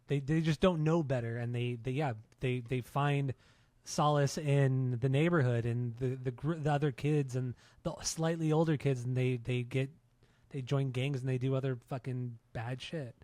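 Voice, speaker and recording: A man's voice: mid-range voice, steady tone, normal speed, a little mellow, no echo. A man co-hosting a podcast, earnest and opinionated, with the odd curse word. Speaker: podcast co-host. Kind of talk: casual podcast chat.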